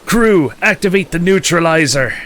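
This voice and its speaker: A man voicing an angry, blustering ship captain in a mixed put-on accent, shouting at intruders on his ship. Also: a little high, lively intonation, moderate pace, a little hiss or hum. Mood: furious. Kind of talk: reading game dialogue in voices. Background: game music.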